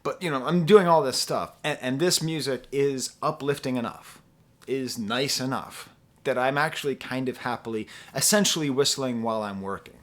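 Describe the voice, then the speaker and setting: A man's voice: mid-range voice, moderate pace, a bit bright. A middle-aged man from the US East Coast giving a casual album review, rambling through jokes and humming the melodies. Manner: rambling, joking asides, hums melodies. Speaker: music reviewer.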